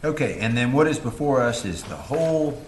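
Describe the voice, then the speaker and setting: A man chairing a county board meeting, moving items along in a brisk, procedural way. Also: mid-range voice, expressive. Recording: echoey room with background noise.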